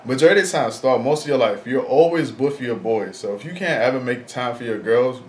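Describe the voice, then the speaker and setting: This twenties vlogger has a medium-pitched, slightly mellow voice and talks fairly quickly. His casual chat wanders, packed with fillers and slang, and he's frank and blunt about things. You can hear room echo and a faint hum of background noise.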